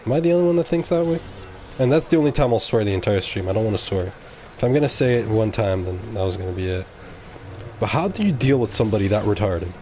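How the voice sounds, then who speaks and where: A man's voice: lowish voice, big pitch swings, fairly quick, darkish tone, a little hiss or hum. A man streaming live, rambling bluntly and talking straight to his chat. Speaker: game streamer.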